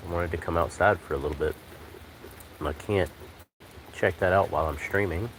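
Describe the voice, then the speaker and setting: A man chatting casually on a live stream from a porch, talking to his cats and his viewers in a relaxed, rambling way. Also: sits low, brisk, rough recording. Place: outdoors on a porch in the rain. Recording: rain noise outdoors. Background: rain.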